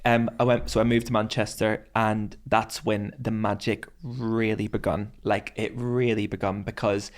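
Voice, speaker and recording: A man's voice: lowish voice, flat delivery, moderate pace, hardly any pauses. An Irish man, a radio presenter, telling stories candidly and with energy as a podcast guest in a studio, swearing freely. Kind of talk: casual storytelling in a podcast interview.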